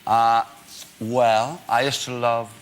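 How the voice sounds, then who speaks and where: A man's voice: mid-range voice, little pitch movement, takes it slowly, smooth. A man in his forties with a Northern Irish accent, a talk show guest telling self-deprecating stories with lots of hesitations. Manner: self-deprecating, hesitant with many "uh"s, laughing often. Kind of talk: chatty anecdotes on a talk show.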